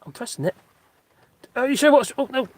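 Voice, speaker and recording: A man's voice: very high-pitched, animated, brisk, a little mellow, no room sound. A middle-aged man, chatting in a rambling, casual way during a live stream while out walking his dogs, with lots of fillers and restarts. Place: outdoors on a dog walk.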